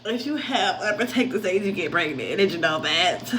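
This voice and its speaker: A woman's voice: medium pitch, lively intonation, normal speed, fairly bright tone, echoey room, a little hiss or hum, rough recording. A stressed woman vlogging to her camera at home, swearing and dropping to a half whisper at times. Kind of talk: self-filmed home vlog.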